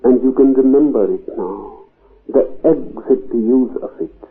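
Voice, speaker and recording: Man giving a slow spiritual talk, pauses a lot, punches key words, sounds like an old tinny tape. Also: mid-range voice. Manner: slow and deliberate, long pauses, emphatic rises on key words. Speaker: spiritual teacher.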